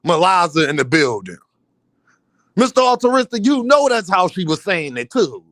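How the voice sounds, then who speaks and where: A man riffs with his livestream chat, joking, swearing and laughing as he goes. His voice sits high and swings widely in pitch, and the sound is dry and close, with no room in it. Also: normal speed, no echo. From Philadelphia. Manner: animated, joking, profane, laughs often. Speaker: boxing livestream host. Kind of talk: casual livestream banter with chat. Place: home streaming setup.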